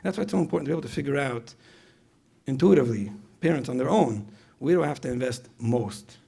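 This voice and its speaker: Gravelly fast-talking male lecturer. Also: mid-range voice, expressive, dark tone. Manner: repeats phrases, asks the audience questions. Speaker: speaker at a parenting retreat. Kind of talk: conversational lecture.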